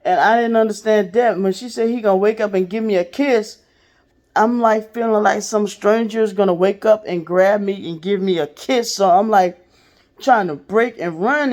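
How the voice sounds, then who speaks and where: A woman's voice: medium pitch, normal speed, darkish tone. A woman hosting a podcast, telling a personal story in a candid, profane, casual way and speaking straight to her listeners. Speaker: podcast host.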